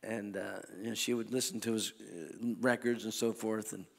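An older man preaching at a crusade, telling folksy stories in a sermon that swings from soft talk to loud exhortation. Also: lowish voice, steady tone, moderate pace, creaky. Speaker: evangelist preacher. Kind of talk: sermon with storytelling. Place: large church or arena at a crusade. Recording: long hall reverb.

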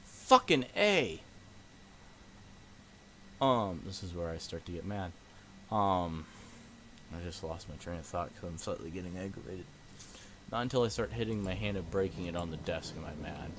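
A young man giving casual gameplay commentary, frustrated and swearing, now and then yelling at the game. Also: low-pitched, a little fast, slight background noise.

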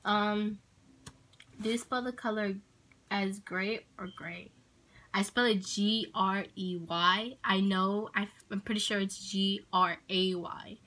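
A woman's voice: medium pitch, a bit bright, poor audio. Rambling woman vlogger, casual. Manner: rambling, hesitant, with many ums and likes. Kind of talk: casual Q&A tag video.

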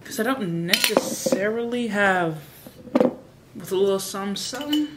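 A woman chatting casually to camera in her home kitchen, slangy and thinking out loud, now and then slipping into a put-on British accent. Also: mid-range voice, expressive, moderate pace, heavy background noise. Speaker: vlogger. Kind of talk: casual vlog chat.

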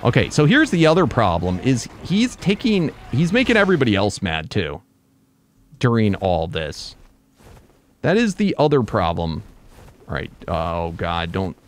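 A young man giving excitable let's-play commentary, yelping and groaning at mishaps while playing a game. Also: lowish voice, unhurried, pauses often, slight background noise. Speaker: gaming YouTuber.

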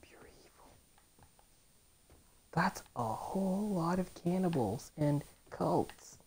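A young woman giving let's play commentary, excitable and often shouting exclamations. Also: fairly low pitch, slow pace, slight background noise. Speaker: gameplay commentator.

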